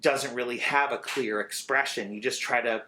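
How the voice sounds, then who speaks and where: A middle-aged man, a drummer, talking in a casual interview, animated and swearing freely as he sings out rhythms. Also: medium pitch, moderate pace, a little hiss or hum.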